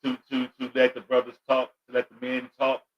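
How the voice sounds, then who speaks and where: A man, a comedian guest on a podcast, talking candidly in relaxed chat and stumbling over his words. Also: medium pitch, fairly quick, lo-fi sound.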